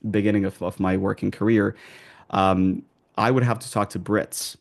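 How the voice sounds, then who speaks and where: A man's voice: lowish voice, level tone, moderate pace, gravelly. A man with an American accent, working as an accent coach, answering interview questions in a loose, conversational way full of fillers and restarts.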